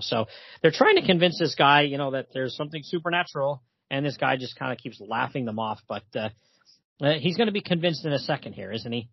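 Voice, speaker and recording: A podcast host chats casually and reads comic-book dialogue aloud, giving the quoted lines light emphasis and chuckling often. His mid-range voice is animated, fairly quick, creaky, and a bit breathy, captured in a dry recording with the highs cut off.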